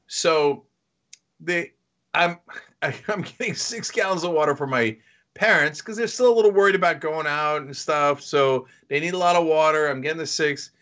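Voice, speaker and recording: A man's voice: on the high side, moderate pace, lo-fi sound. A man co-hosting a podcast, chatting casually and telling a comic story, acting out the other people's lines. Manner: animated storytelling with acted-out quotes. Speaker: podcast co-host. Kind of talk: casual comedic chat.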